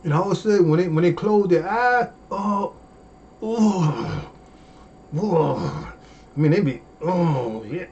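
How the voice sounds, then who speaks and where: Animated man, lo-fi stream. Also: high voice. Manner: animated, folksy, drawn-out exclamations. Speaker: comedian livestream host. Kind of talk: casual livestream chat.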